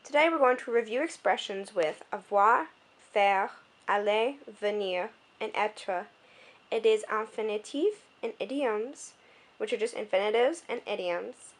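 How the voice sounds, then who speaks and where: A young woman records her own tutoring lesson at home and talks straight to the camera. Her pitch sits in the middle range, and she explains each point clearly, pausing now and then to sort out the camera. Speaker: French tutor. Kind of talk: homemade video lesson.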